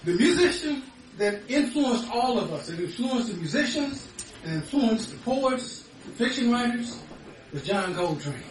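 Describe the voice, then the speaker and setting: A man giving a live poetry reading, rhythmic and building into sudden high screams. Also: very animated, unhurried. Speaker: poet. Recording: echoey, distant, loud music behind.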